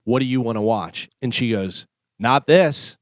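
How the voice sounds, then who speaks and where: A man's voice: medium pitch, normal speed, no room sound, clean studio sound. A man co-hosting a morning radio show, telling an exasperated, joking story about his home life. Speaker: radio co-host. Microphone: studio microphone.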